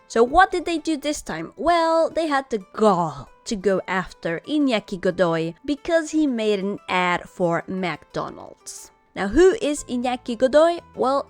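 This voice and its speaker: A woman's voice: mid-range voice, big pitch swings, a little slow, hardly any pauses, faint music behind. A woman from Argentina hosting an online commentary video in a sarcastic, mocking tone. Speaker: commentary host.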